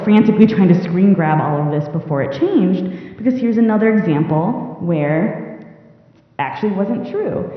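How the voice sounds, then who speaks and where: Young woman presenter, informal talk, lowish pitch, roomy hall reverb, tinny lo-fi sound. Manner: chatty, asks "right?" often, laughs at odd headlines. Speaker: presenter on news literacy. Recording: echoey hall, phone-like sound.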